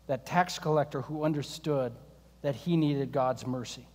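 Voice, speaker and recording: A man's voice: a little high, a little slow. A male pastor preaching a sermon, telling stories with wry jokes. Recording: long hall reverb.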